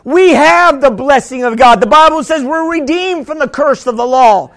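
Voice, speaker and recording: A man preaching a sermon as pastor, with sudden shouts and many repeated words. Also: very high voice, brisk, hardly any pauses.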